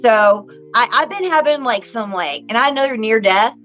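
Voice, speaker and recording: A cheerful woman chats through a live card-reading stream, her voice high and bright. She is theatrical and laughs easily. Faint music plays behind her. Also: lively intonation, moderate pace, muffled recording. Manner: bubbly, theatrical, laughs often. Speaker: live psychic card reader and co-host. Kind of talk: casual live-stream chat.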